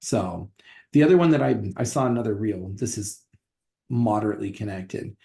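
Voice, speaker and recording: A man's voice: lowish voice, lively intonation, normal speed, vocal fry, dark tone. A man who teaches history, co-hosting a casual podcast and rambling with restarts and fillers.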